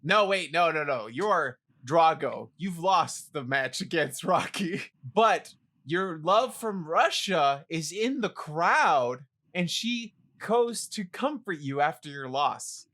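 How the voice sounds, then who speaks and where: Male podcast co-host, laid-back and jokey, fairly high voice with plenty of pitch movement. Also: animated, slow pace, pushed and bright. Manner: laid-back, joking, guessing aloud. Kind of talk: casual chat.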